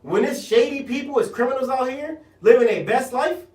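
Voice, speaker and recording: La guy with a really high voice ranting blunt and slangy, echoey room, a bit off mic. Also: fairly quick, a little mellow, far from the mic. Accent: Los Angeles. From South Central Los Angeles. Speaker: radio show host, political candidate. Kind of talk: animated monologue.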